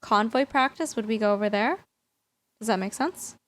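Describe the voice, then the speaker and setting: A woman's voice: a little high, normal speed, noisy background. A woman livestreaming a flight simulator in casual, chatty talk, often apologizing and laughing lightly. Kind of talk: casual stream chat.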